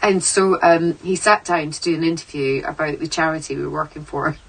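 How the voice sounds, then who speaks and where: A woman's voice: deep voice, fairly even intonation, fairly quick, vocal fry, husky, far from the mic, rough recording. A Scottish woman guesting on a radio show, telling self-deprecating stories with giggles. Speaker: studio guest, former TV presenter. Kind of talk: casual radio chat.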